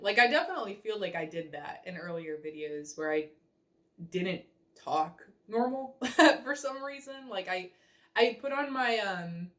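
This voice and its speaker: A woman's voice: on the low side, fairly bright tone. A young woman rambling chattily in a casual reaction vlog, full of fillers and self-mockery. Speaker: vlogger.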